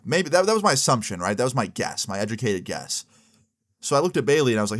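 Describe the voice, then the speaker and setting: A man telling a story in a casual vlog, chatty and animated with lots of slang fillers. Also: medium pitch, fast talker.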